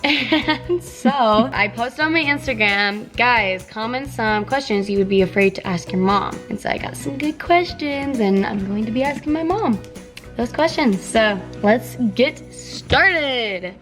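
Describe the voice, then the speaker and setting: A woman's voice: a little high, animated, measured pace, fairly bright tone, faint music behind. A teenage girl vlogging from a parked car in a garage, asking her mother questions with giggles and playful teasing. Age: teens. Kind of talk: casual vlog chat.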